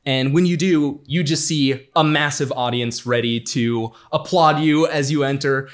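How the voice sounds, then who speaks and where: A man as game master, narrating a tabletop game in a playful storytelling way. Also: fairly high pitch.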